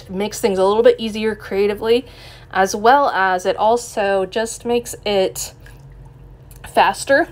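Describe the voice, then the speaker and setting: Woman narrating a relaxed craft tutorial. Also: medium pitch. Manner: relaxed, explanatory, with frequent ums. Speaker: scrapbooking video host.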